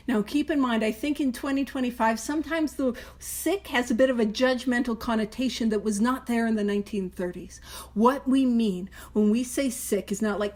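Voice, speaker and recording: A woman with a fairly high voice leads a recovery study group in a casual, animated way. She laughs at her own slips and goes slow and soft when she recites prayers. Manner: animated, laughs at herself, speaks prayers slowly and softly. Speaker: Big Book study leader.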